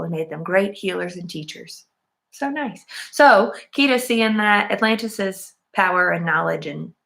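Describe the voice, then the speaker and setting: A woman's voice: medium pitch, vocal fry, sharp tone. A woman casually recapping and reviewing a movie in a chatty, rambling way, full of "like" and "um".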